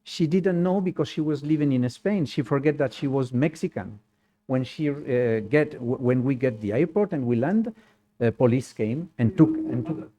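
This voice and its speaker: A man recounts a personal anecdote in slow, halting, non-native English, with small grammar slips along the way. His voice is mellow and dark. He tells it in a lively way and laughs easily. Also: medium pitch. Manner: lively storyteller who laughs often.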